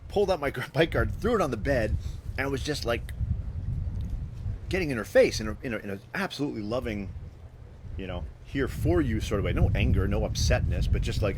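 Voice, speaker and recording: A man hosts a live stream and tells a personal story, his pitch swinging up and down as he talks. He restarts sentences often and speaks straight to his viewers. A faint hum of ambient noise sits behind him. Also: a little fast. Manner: animated storytelling, frequent restarts. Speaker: host.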